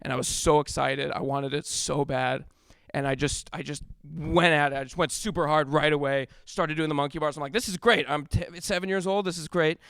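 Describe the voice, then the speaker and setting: A young man tells a rambling stand-up story, cutting himself off mid-sentence and laughing at his own lines. His voice sits a little high, with a gravelly, smooth, resonant tone, and the sound is close and dry. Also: a bit bright, no room sound. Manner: rambling, self-interrupting, laughs at own jokes. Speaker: stand-up comedian. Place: comedy club stage.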